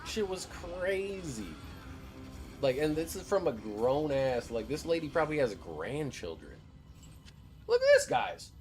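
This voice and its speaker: A man's voice: fairly high pitch, big pitch swings, a little slow, over music. A young man streaming a game, telling a profane, ranting story in casual chat.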